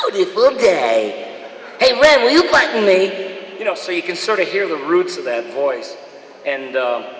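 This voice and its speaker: A male voice actor recounts his career with animated energy, often breaking into impressions. His tone is bright and forward. The room rings with a long reverb. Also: medium pitch, a little hiss or hum. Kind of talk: storytelling interview.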